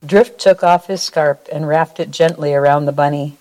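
A deep-voiced woman gives a slow, expressive reading of a children's story in church, ending on a short prayer.

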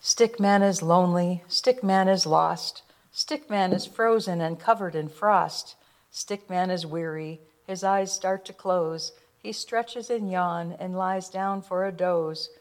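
A woman reading a rhyming picture book aloud in a rhythmic, expressive way. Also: lowish voice, slow. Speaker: storybook reader.

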